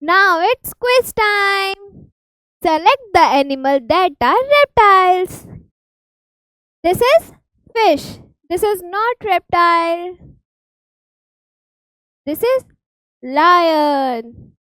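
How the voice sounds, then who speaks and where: A woman's voice: extremely high pitch, lively intonation, fairly bright tone, dry recording, poor audio. Sing-song Indian woman teaching kids. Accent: Indian English. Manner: slow, sing-song, stretches key words. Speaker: preschool teacher. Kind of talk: teaching young children.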